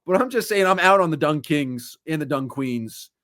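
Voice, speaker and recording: An animated man co-hosts a podcast at a moderate pace, riffing through comic rants in easygoing chat. His voice sits a little high for a man and stays lively from one joke to the next.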